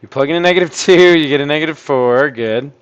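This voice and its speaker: A man with a slightly high voice, talking through a math lesson for his online class. He thinks out loud in a chatty way and breaks into sudden surprised outbursts as he works the problems. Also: fast, clear, resonant tone, muffled recording. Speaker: math teacher.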